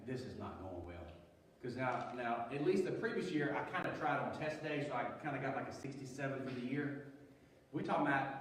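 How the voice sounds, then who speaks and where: In a large church hall, a pastor with a medium-pitched voice delivers a funny story in his sermon, animatedly joking and imitating the voices of others. The recording is echoey with a little hiss or hum, and he stands far from the microphone.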